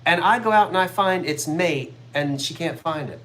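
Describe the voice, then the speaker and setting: A woman from South Jersey with a South Jersey accent, hosting a live online sale and telling stories in a casual, animated way. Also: low voice, moderate pace. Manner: chatty storyteller, animated, laughs easily.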